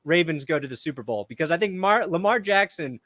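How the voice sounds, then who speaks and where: A young man talks football with growing excitement, stacking clause on clause. His voice is high, and the recording is close and dry. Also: quick pace, no room sound. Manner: excited, building long run-on predictions. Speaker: sports podcast co-host. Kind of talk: casual sports chat.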